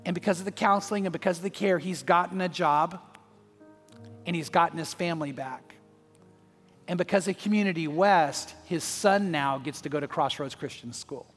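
A male pastor delivers a sermon with a notably high, light voice. He tells a story and acts out the people in it. The voice rings with long reverb through a large church hall, with faint music underneath. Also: moderate pace.

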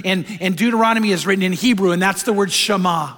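Middle-aged male pastor, conversational sermon, high voice, echoing sanctuary. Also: quick pace, hardly any pauses. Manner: conversational, animated storytelling, drops soft for emotional moments. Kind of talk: sermon with personal storytelling. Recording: long hall reverb.

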